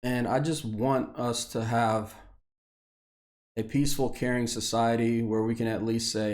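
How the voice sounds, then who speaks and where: A man in his thirties from Indiana, a military veteran, delivering an unscripted, profane personal rant that swings between heated anger and low, weary tones. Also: fairly even intonation, moderate pace, darkish tone. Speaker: video blogger, military veteran.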